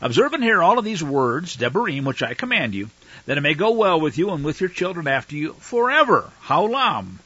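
A male Bible teacher reads passages aloud and breaks in with emphatic, fiery commentary. His husky voice swings widely in pitch. The sound is dry and a little dull, like a lo-fi recording. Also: big pitch swings, a little fast, pushed and bright, dry recording. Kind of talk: scripture reading with commentary.

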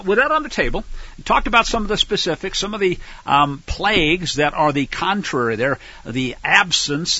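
A middle-aged man teaching scripture in a sermon style, emphatic and rising to loud peaks when he quotes. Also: high-pitched, husky, no room sound. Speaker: bible teacher. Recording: dull lo-fi dry recording.

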